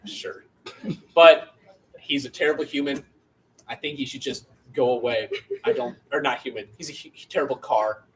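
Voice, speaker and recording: A man's voice: mid-range voice, normal speed, a bit bright. A man hosting, giving a joking debate rebuttal with exaggerated indignation, recorded on a distant mic. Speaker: host. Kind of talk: mock-serious debate speech. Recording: distant mic with faint background noise.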